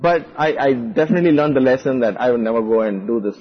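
A man telling a personal story in conversation, animated, with frequent restarts. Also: mid-range voice, fast, slightly rough. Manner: animated, acts out quoted voices, frequent restarts. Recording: muffled with long reverb and faint music.

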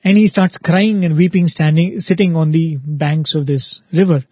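Husky-voiced male speaker. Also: on the high side, steady tone, moderate pace, dry recording, muffled recording. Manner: earnest, repetitive emphasis, frequent "right?". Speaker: spiritual speaker, show host. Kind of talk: devotional talk with storytelling.

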